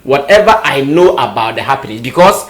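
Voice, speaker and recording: A man's voice: medium pitch, big pitch swings, fairly quick, fairly bright tone. A man, hosting a studio talk show, cutting in to explain with examples. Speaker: host.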